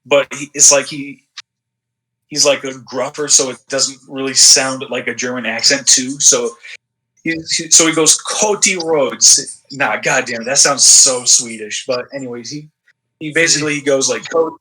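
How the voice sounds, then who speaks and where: A man's voice: mid-range voice, steady tone, normal speed, sharp tone, rough recording. A young man chatting casually while booking a wrestling sim game, loose and laughing, swearing often. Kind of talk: casual gaming chat.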